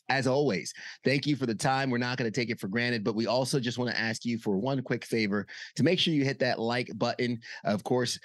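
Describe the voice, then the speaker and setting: A man's voice: medium pitch, no room sound, clean studio sound. A man hosting a podcast, with an upbeat, hype-style way of introducing guests and asking listeners to subscribe. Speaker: podcast host. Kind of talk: casual podcast chat.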